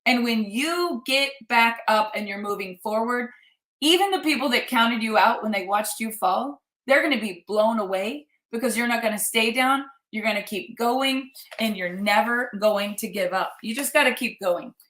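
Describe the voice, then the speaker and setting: A woman's voice: a little high, moderate pace, a bit bright, echoey room. A middle-aged woman and life coach giving an emphatic motivational talk, repeating her points for effect.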